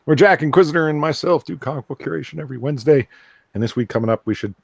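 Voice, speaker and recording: A man co-hosting a casual online chat show, chatty and quick. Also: a little high, vocal fry, breathy edge, no echo, studio quality. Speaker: podcast co-host.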